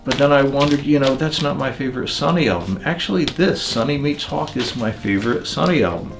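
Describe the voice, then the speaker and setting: An older man talking about records and turntables in a relaxed, digressive interview, with many pauses and fillers. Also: medium pitch, creaky, music in the background. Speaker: audio magazine editor.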